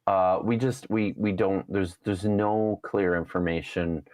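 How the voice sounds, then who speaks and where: A man, a guest scholar on a live show, explaining in a halting way with many pauses and restarts. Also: low voice, fairly even intonation, darkish tone, dry recording. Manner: halting, full of fillers and restarts while explaining. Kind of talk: casual live-show interview.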